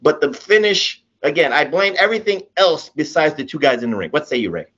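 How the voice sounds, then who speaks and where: A man with a higher-than-usual voice laying out his opinions on a podcast, animated and insistent, circling back with "again." The audio is slightly muffled. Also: fairly quick, breathy edge. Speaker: podcast co-host. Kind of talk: casual wrestling podcast chat.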